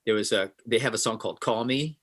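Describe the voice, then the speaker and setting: A man's voice: on the low side, quick pace. A man, a session guitarist, telling stories in an interview and acting out the quotes. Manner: animated, acts out quotes. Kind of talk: interview storytelling.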